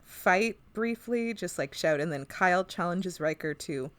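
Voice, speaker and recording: A woman's voice: lowish voice, lively intonation, unhurried, a bit bright, dry recording. A woman co-hosting a podcast, chatting casually through an episode recap, rambling, laughing often and swearing freely. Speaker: podcast co-host.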